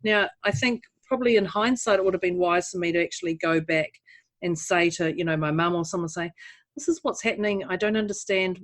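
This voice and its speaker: A woman's voice: fairly low pitch, fairly quick. A woman co-hosting a podcast, talking casually. She tells a personal story in a chatty, self-deprecating way and breaks into laughter now and then. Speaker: podcast co-host. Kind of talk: casual conversation.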